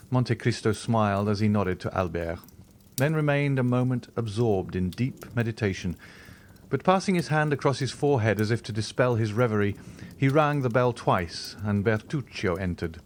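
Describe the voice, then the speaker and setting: Brief: male audiobook narrator, lowish voice, animated inflection, steady read. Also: moderate pace, a little hiss or hum. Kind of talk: scripted narration.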